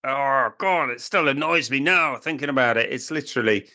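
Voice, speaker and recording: A man's voice: medium pitch, normal speed, sharp tone. A British man co-hosting a camping podcast in a chatty, joking way. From Britain. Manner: chatty, joking, puts on silly accents. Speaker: podcast co-host. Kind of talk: casual chat.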